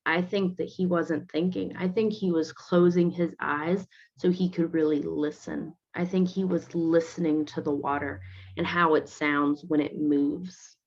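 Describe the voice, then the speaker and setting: A woman teacher reading a picture book aloud to children, stopping gently to explain the pictures. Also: low voice, steady tone, a little slow. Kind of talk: read-aloud with commentary for children. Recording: dull lo-fi recording.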